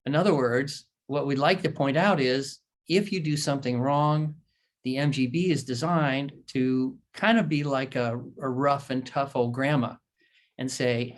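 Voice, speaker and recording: A man's voice: medium pitch, unhurried. A man who is a surgeon, explaining diet to patients in an educational talk over a shared screen, repeating his points emphatically and telling folksy stories.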